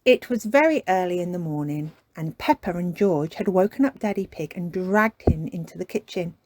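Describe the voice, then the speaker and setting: A woman reading a children's picture book aloud as a storyteller, softly and expressively. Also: fairly low pitch, animated, moderate pace, slight background noise.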